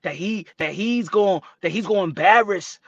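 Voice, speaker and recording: A man from Brooklyn chatting about boxing, loose and full of slang, switching into Spanish now and then. His voice sits high and bright. The recording is dry and a little dull. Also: normal speed, dry recording. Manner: streetwise slang, mixes in Spanish phrases, laughs often. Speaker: boxing show host. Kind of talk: casual boxing talk.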